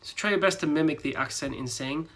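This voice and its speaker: A man teaching greeting pronunciation, patiently drilling each word slowly syllable by syllable. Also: fairly high pitch, a bit bright. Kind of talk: slow step-by-step pronunciation lesson.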